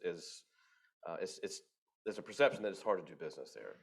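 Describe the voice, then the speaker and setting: A man moderating a conference panel who asks questions haltingly, with many restarts. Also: low-pitched, expressive, vocal fry, slightly rough. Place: conference stage.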